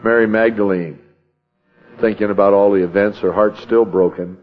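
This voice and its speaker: A man's voice: on the low side, steady tone, moderate pace, narrow, tinny audio, soft background music. A man preaching a sermon in a folksy way, reading scripture and acting out the scene in his own words. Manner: folksy, acts out the scene, chuckles. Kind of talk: sermon teaching.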